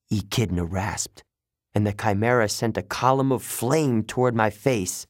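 A man reading a first-person story aloud as an audiobook narrator, with tense, steady storytelling. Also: on the low side, measured pace, no room sound, studio quality.

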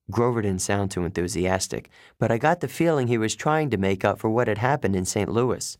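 A man narrating a first-person audiobook in an expressive, wry storytelling manner from a recording booth. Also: lowish voice, fairly quick, dry recording, studio quality.

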